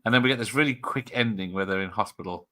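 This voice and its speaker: Guy hosting a movie stream, bit low, bright voice, cracks jokes and swears a lot. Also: fast talker. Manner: joking, swears freely, laughs often. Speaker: stream host. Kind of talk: casual watch-party chat.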